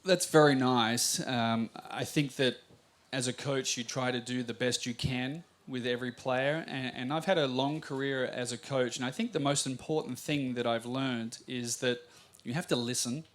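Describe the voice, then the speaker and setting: Brief: middle-aged Australian man, coach guest on a live talk show, fast anecdotal storyteller, mid pitch. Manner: lively anecdotal storytelling, quick-talking by habit.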